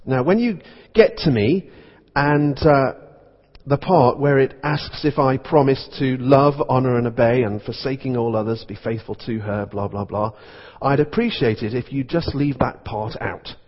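A vicar voicing a pleading young groom. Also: male voice, medium pitch, normal speed, in a large hall, dull audio, lightly acted. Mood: wheedling. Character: eager young groom making a shady deal.

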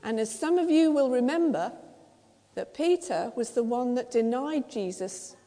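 A woman with an English accent preaching a sermon, telling the story gently and acting out quotes softly. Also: a little high, expressive, moderate pace. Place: church. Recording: long church reverb.

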